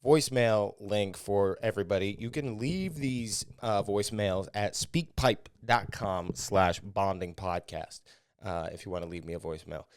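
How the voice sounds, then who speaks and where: In a casual monologue on his own podcast, a comedian talks at normal speed in a fairly low, clean-toned voice, rambling crudely and making fun of himself between voicemails. The studio-quality recording is dry, captured on a podcast mic.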